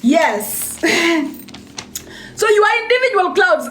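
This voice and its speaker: Speaking slowly with frequent pauses, this young woman gives a livestreamed pep talk in a very high, fairly bright voice whose pitch swings widely. Faint music plays behind her, and she repeats lines for emphasis while restarting sentences again and again.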